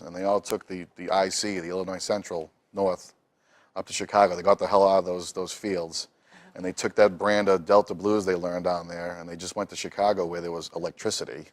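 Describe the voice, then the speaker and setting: A middle-aged man tells stories in a relaxed, chatty way. His voice sits a little low, and he slips into the voices of the people he talks about. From Boston. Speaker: musician guest. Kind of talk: casual storytelling.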